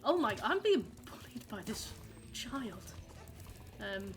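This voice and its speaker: A young woman streaming a game chats slowly with her viewers, her voice on the high side with big swings in pitch. She rambles casually and reacts to incoming messages.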